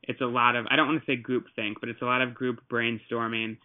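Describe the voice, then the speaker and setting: A man's voice: mid-range voice, flat delivery, fast talker. A man co-hosting a casual podcast chat, explaining at length with many restarts. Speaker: podcast co-host. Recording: tinny phone-like line.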